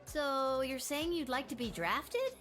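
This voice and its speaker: A woman's voice: sits high, lively intonation, unhurried, a bit bright. A woman voicing a cheerful, wide-eyed twelve-year-old city guard in a video game. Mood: chirpy. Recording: game audio with faint music.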